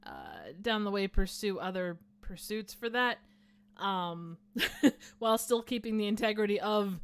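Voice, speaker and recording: A woman's voice: mid-range voice, unhurried, smooth. A woman with a Midwestern American accent hosting a livestream, reading chat messages in a chatty, giggly way. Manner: giggly, laughs often, chatty. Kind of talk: casual chat.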